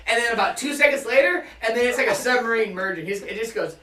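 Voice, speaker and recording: Energetic young man hosting a stream. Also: very high-pitched, quick pace, few pauses. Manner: energetic, swearing, laughing. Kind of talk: casual storytelling. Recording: echoey room, mic at a distance.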